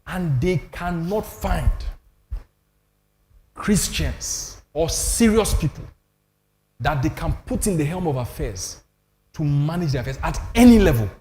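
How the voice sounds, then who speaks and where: With a dark tone and a voice on the high side, an older Nigerian man hosts a panel on church and faith, speaking expressively at a measured pace with long pauses. His stories carry emphasis and self-deprecating humor, heard in a big-room space with slight background noise.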